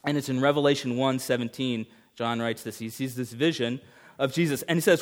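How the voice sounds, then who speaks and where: A man preaching a sermon as pastor, emphatic, swinging between urgent rises and hushed passages. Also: mid-range voice, fairly even intonation, brisk.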